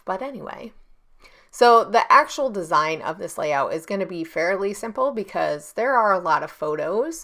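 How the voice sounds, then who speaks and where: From her home desk, a thirty-something woman runs a laid-back scrapbooking tutorial for her YouTube channel, wandering off track with ums and self-corrections. The voice is fairly low, creaky and a bit bright. A camera on a stand on the desk does the recording.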